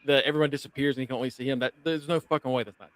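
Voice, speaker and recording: A man co-hosting a casual podcast, recapping an episode in an animated way, swearing and laughing often. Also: mid-range voice, racing.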